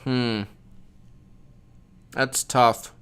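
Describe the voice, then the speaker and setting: A man hosting a live football reaction stream, reading viewer chat aloud and commenting in a loud, slangy, casual way. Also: medium pitch, little pitch movement, very slow, clean tone. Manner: loud, self-described yeller, slangy with frequent "bro".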